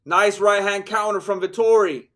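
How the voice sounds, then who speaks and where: A man giving live, joking fight commentary in a hoarse, worn-out voice. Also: high voice, moderate pace. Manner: excitable, joking, sprinkles Spanish slang. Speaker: fight watch-along host.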